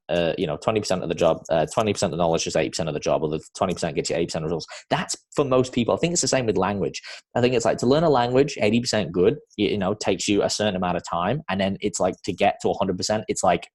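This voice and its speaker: Podcast host, male, from New Zealand; deep, husky voice, casual rambling delivery. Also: lively intonation, rapid-fire, darkish tone. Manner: rambling, lots of fillers.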